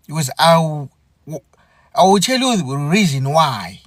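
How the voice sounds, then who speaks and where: A man delivers an impassioned podcast monologue, slow and deliberate. His somewhat high voice swings widely in pitch as he repeats phrases and restarts mid-thought. The sound is dry and close. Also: sing-song, no echo. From Zimbabwe. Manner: earnest and aggrieved, repeating phrases with halting restarts. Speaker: podcast host.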